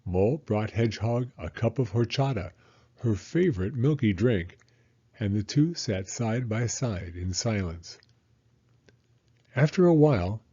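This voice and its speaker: Animated man reading a kids' book. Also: mid-range voice, slightly rough, highs cut off. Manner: expressive, animated storytelling. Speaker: storybook reader. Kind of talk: reading a children's book aloud.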